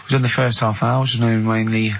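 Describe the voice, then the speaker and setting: A man's voice: mid-range voice, flat delivery, fast, gravelly, slight background noise. A man with an English accent hosting a radio show, chatting casually and laughing at his own jokes. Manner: giggly, self-mocking, drops into silly voices. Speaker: radio host. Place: radio studio. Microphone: studio microphone.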